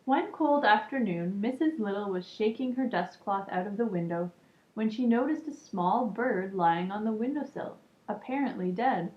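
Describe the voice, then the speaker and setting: A woman reading a children's book aloud calmly, adding casual asides. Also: mid-range voice, normal speed. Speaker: storybook reader. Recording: echoey room, muffled lo-fi sound.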